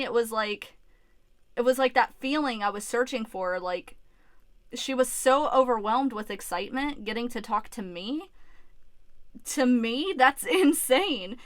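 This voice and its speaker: Young woman, candid personal vlog, emotional and rambling, swears, slightly high voice, dry close sound. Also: expressive, unhurried, dry recording. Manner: candid and emotional, swears freely, many likes and restarts. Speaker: YouTuber.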